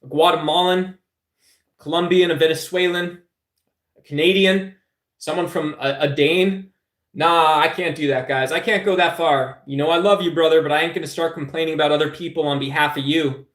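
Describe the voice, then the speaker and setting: A man's voice: fairly high pitch, steady tone, normal speed, fairly bright tone. A man hosting a live stream, rambling through a casual political rant to his chat and calling listeners brother. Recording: echoey room.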